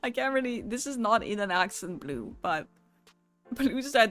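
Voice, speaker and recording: A woman's voice: on the high side, animated, a bit bright, soft background music. Profane young woman streamer. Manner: casual, profane, quick to laugh. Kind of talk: casual live-stream chat, reading viewer messages.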